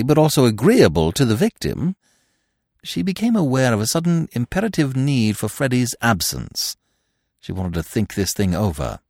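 A man narrating a classic novel in a lively, expressive storytelling manner. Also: lowish voice, no room sound, studio quality.

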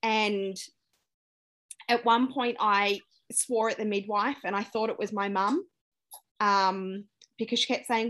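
A young Australian woman, guesting on a podcast, tells a personal story with candor, playing out what others said and laughing along the way. She speaks in a mid-range voice without hurrying.

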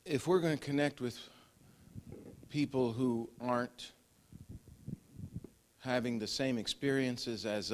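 A man's voice: mid-range voice, a little hiss or hum. An older man preaching a conversational sermon, often repeating words and chuckling as he talks. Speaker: pastor.

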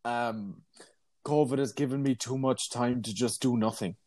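A man's voice: medium pitch, moderate pace, no room sound. Giggly young Galway man, dry sound. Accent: Galway Irish. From Ireland. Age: late teens. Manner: giggly, self-mocking, animated. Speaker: podcast guest, singer. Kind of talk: casual chat.

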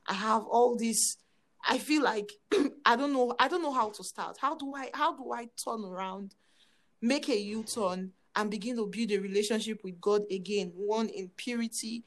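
A woman hosting a faith-based interview podcast, affirming her guest, quoting scripture and framing long questions. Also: mid-range voice. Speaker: podcast host.

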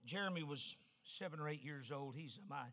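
A man's voice: a little high, brisk, fairly bright tone, slight background noise. An older man from New Mexico preaching an emphatic revival sermon as guest preacher, with personal stories and repeated calls to the listeners.

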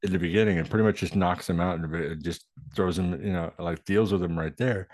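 A man co-hosting a casual movie podcast, relaxed and laughing often as he talks about the film. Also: deep voice, a little fast. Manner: laid-back, laughs often. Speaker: podcast co-host.

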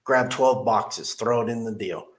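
Earnest low-voiced middle-aged man. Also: unhurried. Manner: earnest, plain-spoken, repeats phrases. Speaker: car dealership manager. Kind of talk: casual storytelling interview.

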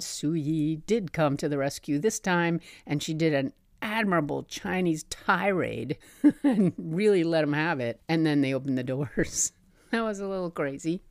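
A middle-aged woman shares memories from a long-ago trip in a chatty, storytelling way, breaking into laughs and asides. Her voice sits low in pitch. The sound is dry and close, with no room around it. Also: darkish tone, no room sound. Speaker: podcast host. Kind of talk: personal travel memoir storytelling.

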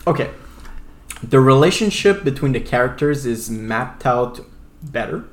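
A man's voice: medium pitch, animated, unhurried. A French Canadian man with a French Canadian accent, co-hosting a podcast and talking hesitantly as he searches for words. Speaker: podcast co-host. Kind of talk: casual chat. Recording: echoey room with faint hiss.

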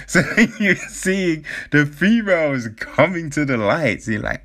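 A man's voice: on the high side, expressive, normal speed, a bit bright. A man chatting casually as he reviews a nature series, rambling with lots of fillers and restarts, swearing now and then and tossing in jokey asides. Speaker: TV show reviewer.

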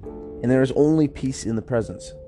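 A man hosting a casual podcast, talking through a self-help book in an upbeat, chatty way, with a slightly rough morning voice. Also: medium pitch, moderate pace, warm tone, soft background music. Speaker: podcast host.

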